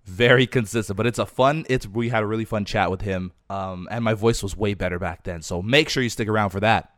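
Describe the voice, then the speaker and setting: A man hosting a podcast, talking softly because he is losing his voice, in a casual, rambling chat. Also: fairly low pitch, a little fast, no room sound, clean studio sound. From Canada. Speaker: podcast host.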